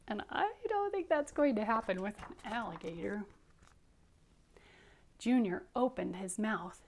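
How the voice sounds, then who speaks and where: A woman teacher reading a picture book aloud to young children, animated, dropping into hushed whispered asides. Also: medium pitch, unhurried, long pauses.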